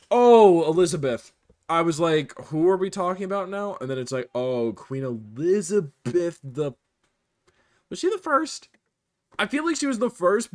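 A man's voice: fairly high pitch, dry recording. A young man streaming a game live, chatting casually and joking as he reads his chat aloud. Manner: animated, jokey, reads chat aloud, often laughs.

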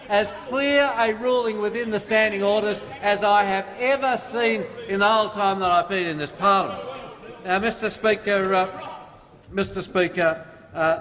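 A man's voice: high voice, fairly bright tone. An Australian man, a member of parliament, making a combative debate speech and reading out the rules. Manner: combative, reads from the rulebook. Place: large parliament chamber. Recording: long reverb of a large hall.

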